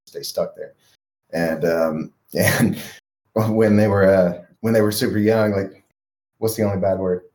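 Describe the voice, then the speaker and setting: A man's voice: sits low, steady tone, a little slow. A man, a life coach guest on a podcast, talking earnestly about raising his kids. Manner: earnest, reflective, soft-spoken asides. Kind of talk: casual interview.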